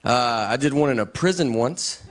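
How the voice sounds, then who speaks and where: A man with a Southern US accent telling stand-up stories in a dry, deadpan way. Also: mid-range voice, normal speed. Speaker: stand-up comedian. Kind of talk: stand-up set and talk show chat.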